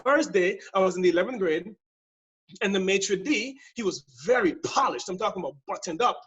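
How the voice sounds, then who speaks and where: The guest speaker, a middle-aged service consultant with a US Virgin Islands accent from Saint Thomas, gives a lively webinar talk full of jokes and stories. His voice sits high, fairly bright and slightly rough, with brisk pacing and animated intonation, heard through muffled audio.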